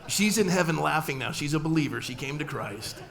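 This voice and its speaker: A man's voice: on the high side, lively intonation, a little fast, creaky, noisy background. Man preaching a personal story. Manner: storytelling, acting out family dialogue with humor. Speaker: pastor. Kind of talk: sermon. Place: church sanctuary.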